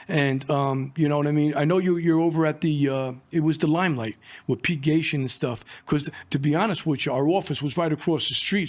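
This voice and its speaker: A middle-aged man and former drug agent telling a war story in a rambling, profane, casual way, full of fillers. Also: fairly high pitch.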